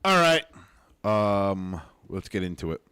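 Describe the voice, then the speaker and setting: A man's voice: fairly low pitch, big pitch swings, slow pace, pushed and bright, clear, resonant tone, no echo. A man co-hosting a casual podcast, joking and swearing freely, sometimes reading aloud from an article. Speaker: podcast co-host.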